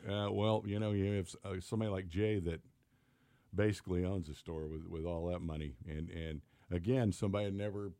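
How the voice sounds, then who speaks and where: A man telling stories in a casual chat, acting out other people's lines in an animated way. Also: low voice, fairly quick, clean tone, dry recording. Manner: animated storyteller, acts out quotes.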